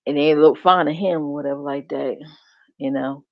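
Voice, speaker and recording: A woman streamer drawls through profane, mocking gossip commentary, laughing often. Her voice sits a little low and the audio is dry and slightly muffled. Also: steady tone, normal speed, no echo. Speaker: reaction streamer.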